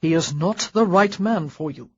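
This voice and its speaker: A woman voicing an exasperated young gentleman in an audiobook, speaking in curt, blunt statements. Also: on the low side, normal speed, breathy edge, muffled recording.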